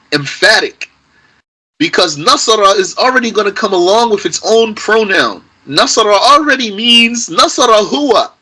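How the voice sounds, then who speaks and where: A man's voice: high voice, pushed and bright, breathy edge, poor audio. A man teaching an Arabic grammar lesson to a class, patient and repetitive, stressing key points emphatically.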